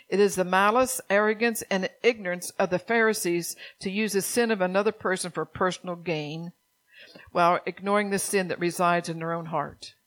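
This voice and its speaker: A middle-aged woman pastor preaching a sermon, earnest and direct with her congregation, dropping soft and low at times and rising to urgent exhortation. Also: rough recording. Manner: addresses the congregation directly with "church" and "amen".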